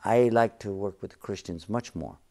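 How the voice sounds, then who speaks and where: In an interview, a sheikh who is the show's guest teaches about his faith, his male voice on the low side, mellow, and at normal speed. He speaks earnestly and emphatically and keeps repeating his key phrases.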